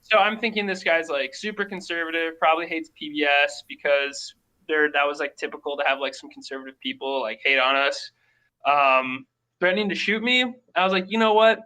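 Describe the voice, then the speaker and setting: A man from Minnesota, a podcast guest, telling animated stories in casual talk and acting out the people he met. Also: a little high, brisk, rough recording. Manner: animated storyteller, acts out quoted people. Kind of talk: casual storytelling.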